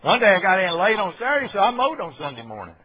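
A man's voice: high voice, huge pitch swings, quick pace, breathy edge. A man preaching a folksy sermon, full of rambling asides and checks with his listeners. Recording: dull lo-fi recording.

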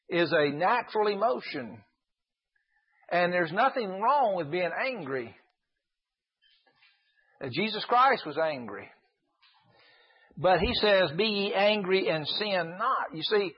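A man preaching a sermon, reading scripture and asking rhetorical questions, with deliberate slowed emphasis. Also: fairly high pitch, slightly rough, dull audio. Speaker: pastor. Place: church service.

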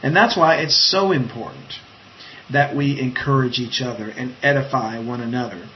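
Guy doing a laid-back online bible study, lots of ums and restarts, mid-pitch, kinda muffled stream. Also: a little hiss or hum. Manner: conversational, halting, with many fillers and restarts. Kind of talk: informal live-streamed Bible teaching.

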